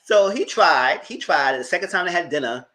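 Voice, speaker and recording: Animated man recapping a TV episode. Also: high-pitched, normal speed. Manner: animated, dramatic storytelling with slang asides; colorful and heated, swears in his commentary. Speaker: TV reviewer and channel host.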